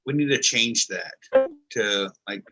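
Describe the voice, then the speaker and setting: A man chatting and teasing loudly on a video call, casual and joking. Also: mid-range voice, unhurried, faint music behind. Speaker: co-host of an online video call show.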